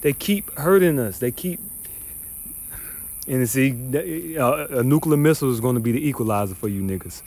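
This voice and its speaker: A man's voice: mid-range voice, lively intonation, moderate pace, a little mellow. A man teaching the Bible verse by verse, reading passages then ranting in a profane, scornful, emphatic way. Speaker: scripture teacher.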